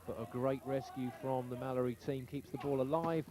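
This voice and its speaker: Excitable male sports commentator, noisy broadcast. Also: medium pitch. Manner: brisk, excited play-by-play calls. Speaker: play-by-play commentator. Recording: old TV broadcast with audible noise.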